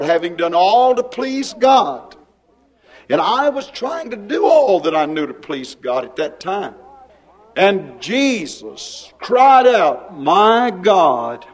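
Slow, sing-song preacher man. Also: rough recording. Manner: slow, dramatic preaching with sweeping pitch swings. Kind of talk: sermon.

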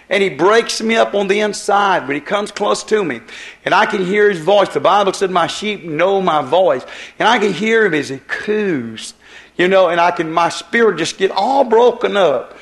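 A man's voice: high voice, fairly bright tone. A man preaching a sermon, telling a parable in a rambling, repetitive way. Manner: rambling storytelling with repeated phrases.

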